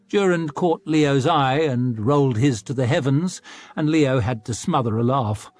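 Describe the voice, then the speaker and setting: A man narrating an audiobook in a measured, even storytelling manner. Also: medium pitch, no echo. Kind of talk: scripted narration.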